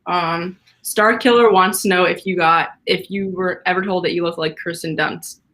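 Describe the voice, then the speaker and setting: Relaxed woman hosting a livestream. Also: on the low side, normal speed. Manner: relaxed, reads viewer questions aloud with fillers. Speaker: livestream host. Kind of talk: casual livestream interview.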